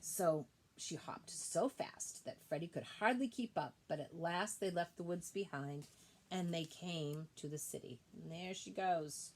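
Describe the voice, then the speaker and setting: A woman reading a picture book aloud to children, expressive and pausing to point out the pictures. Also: lowish voice. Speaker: storybook reader.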